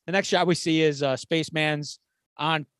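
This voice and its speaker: A man with a slightly raised pitch retells a war movie scene by scene in a loose, chatty way. He keeps dropping into the characters' lines as he goes. The sound is dry and close to the mic. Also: moderate pace, no echo. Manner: animated storyteller acting out quotes with swearing. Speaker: podcast co-host. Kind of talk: casual retelling of a film plot.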